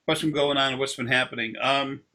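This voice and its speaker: A man's voice: mid-range voice, fairly even intonation, brisk, pushed and bright. A man working as an energy healer, explaining things casually over a video call and drifting into long, rambling anecdotes. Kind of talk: casual explanation during a session.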